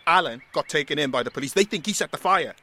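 High-voiced, bright, upset young man who stammers. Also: lively intonation, quick pace. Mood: agitated. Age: young adult. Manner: agitated, stammering. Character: agitated young man wrongly jailed.

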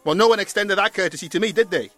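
A man's voice: high voice, very fast, fairly bright tone, soft background music. An actor playing a young man who was wrongly jailed, agitated and stammering. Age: young adult.

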